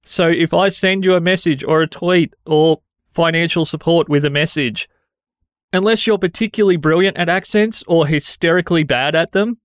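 A man's voice: a little high, fairly bright tone, clean tone, dry recording, studio quality. Frank Australian man hosting a podcast. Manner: frank, conversational, mildly exasperated critique. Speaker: podcast host. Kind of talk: solo podcast monologue. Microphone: studio dynamic microphone.

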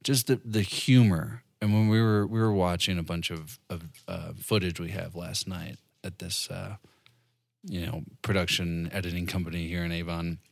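Young guy, real low voice, easygoing podcast chat, dry close mic. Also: steady tone, normal speed, vocal fry, no echo. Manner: laid-back, swears casually, laughs often. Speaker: expedition member.

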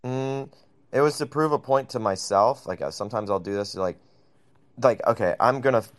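Brash, profane man in casual chat. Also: on the low side.

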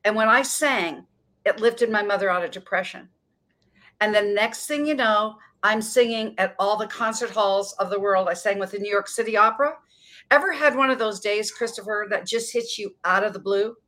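Woman in her 60s, bright, earnest, emphatic storyteller. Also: mid-range voice. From Montana, US. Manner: emphatic, earnest, dramatic pauses. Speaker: guest, motivational speaker. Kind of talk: casual interview storytelling.

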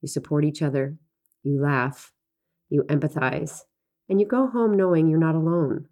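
A woman farmer narrating a personal essay in an unhurried, reflective reading. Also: low voice, steady tone, warm tone.

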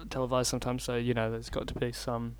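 Teasing young podcast host. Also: male voice, medium pitch, monotone, fast, clean tone. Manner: teasing, asks questions to steer talk. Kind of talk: casual chat.

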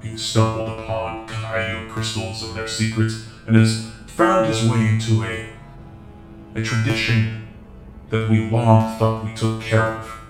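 A man doing a stern crab-legged cyborg elder who speaks formally and slowly, in a flat, unchanging tone. Guitar music plays loudly behind the echoey voice. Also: lowish voice, close to an everyday voice. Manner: measured and formal. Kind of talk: tabletop role-play voicing.

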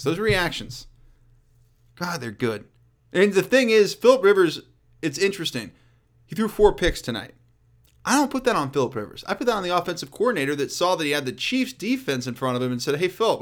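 A man hosting a casual solo sports talk show, blunt and profane, riffing with loud and quiet swings. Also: high-pitched.

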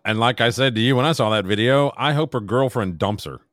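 A man's voice: mid-range voice, brisk, fairly bright tone, no echo, clean studio sound. A man co-hosting a podcast, talking in a meandering, hesitant, casual way. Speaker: podcast co-host.

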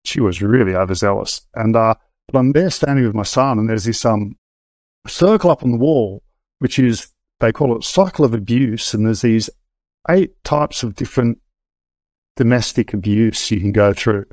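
A man's voice: on the low side, moderate pace, no room sound. Frank man, dry close sound. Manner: frank, lively, with frequent hesitations and restarts. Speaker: interview guest. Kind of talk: candid conversational storytelling.

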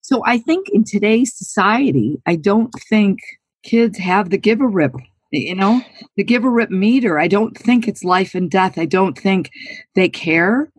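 A woman's voice: medium pitch, animated, a little slow, husky, no room sound. A woman in her sixties from New York State, telling her story as an interview guest in an earnest, emphatic, candid way. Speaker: guest, former college golfer.

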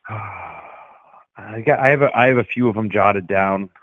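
A man's voice: fairly low pitch, takes it slowly, dry recording. Boston-accented male caller, self-mocking joker, lo-fi line. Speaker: caller, lawn care business owner. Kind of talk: joking casual chat.

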